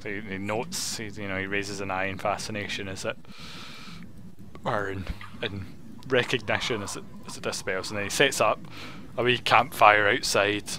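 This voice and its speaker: A man's voice: fairly low pitch, fairly even intonation, moderate pace, noisy background. A man narrating a tabletop game as game master, casual and stumbling, often repeating words.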